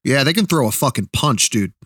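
A man's voice: medium pitch, lively intonation, a little fast, a bit bright, slightly rough, no room sound, studio quality. Giggly stammering man. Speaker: podcast co-host. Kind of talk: casual chat.

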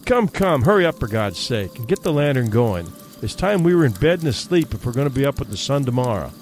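A man's voice: mid-range voice, big pitch swings, fairly quick, a little mellow, faint music behind, natural voice. A man voicing a nervous younger male hunter who stammers and speaks sharply.

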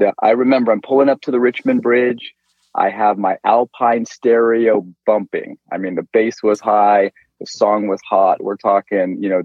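A middle-aged man from Northern California, an interview guest telling a personal faith story in an animated way and acting out quoted lines. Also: fairly low pitch, no echo. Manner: animated storyteller who acts out quoted speech. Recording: dull lo-fi dry sound.

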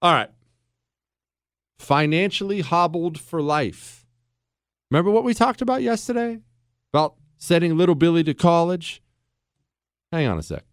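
A man's voice: high voice, big pitch swings, fairly quick, pauses often, no echo. A man hosting a talk radio show in a sarcastic, self-mocking joking manner, speaking into a studio mic.

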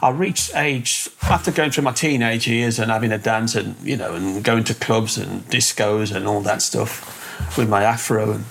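A man's voice: on the low side, normal speed, gravelly, a little hiss or hum. An older man telling a story as an interview guest, rambling and restarting with lots of fillers. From England. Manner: rambling, repeats words, many fillers. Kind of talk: casual storytelling.

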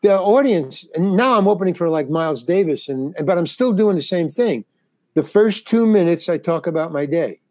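Speaking at a moderate pace in a high-pitched, expressive voice with a darkish tone, an older comedian tells stories as a guest in a casual interview. He rambles, restarts and performs the quoted lines himself. There is no echo.

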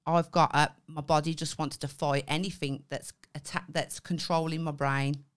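A woman's voice: sits low, level tone, normal speed. Laughing, swearing woman co-host. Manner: swears freely, laughs often, acts out quotes. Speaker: podcast co-host. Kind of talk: casual chat.

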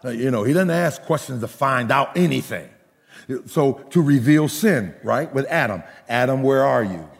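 A man preaching a sermon in an animated, humorous way that builds to shouted crescendos. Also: medium pitch, normal speed, creaky, big-room sound.

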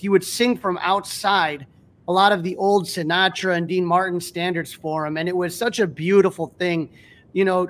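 A male host leads a casual interview with a high voice. He speaks slowly and deliberately, sounding admiring of his guest. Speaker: podcast host.

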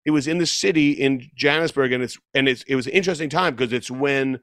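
A man's voice: medium pitch, quick pace, a bit bright, no echo. Rambling male storyteller, dry close sound. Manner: rambling, self-correcting, laughs mid-story. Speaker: guest musician. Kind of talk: casual storytelling.

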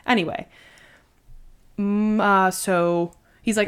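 A woman's voice: fairly low pitch, normal speed. A woman hosting a podcast, casually retelling a true story with lots of conversational fillers. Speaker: podcast host.

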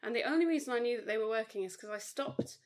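A woman's voice: a little high, fast talker. A woman in casual podcast chat, candid and self-deprecating, sharing personal stories.

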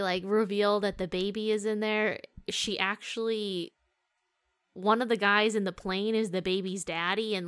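A woman's voice: mid-range voice, smooth. A young adult woman hosting a podcast, retelling a film in casual chat, candid and laughing often, with casual swearing. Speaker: podcast host.

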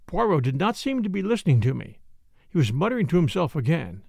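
A man reading a mystery novel aloud in the first person, with measured storytelling. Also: a little high, sing-song, creaky, a little mellow, slightly rough, no room sound, studio quality. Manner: measured storytelling, characters' lines read with hesitation. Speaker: audiobook narrator.

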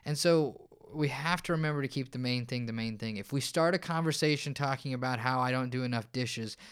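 A man with a medium-pitched, clean voice speaks fairly quickly as a counselor guesting on a podcast interview. He explains things and tells stories, frequently restarting his sentences.

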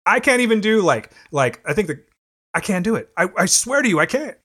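A man's voice: high-pitched, sing-song, brisk, fairly bright tone, breathy edge. A man in his thirties co-hosting a podcast in casual chat, dry and teasing, laughing often. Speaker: podcast co-host.

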